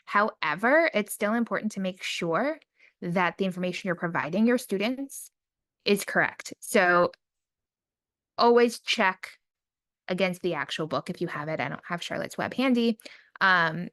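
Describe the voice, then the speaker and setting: A woman who works in special education, giving a casual screen-recorded demo lesson and reading her typed prompts aloud slowly. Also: on the low side, animated, a bit bright, dry recording. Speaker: special education teacher trainer.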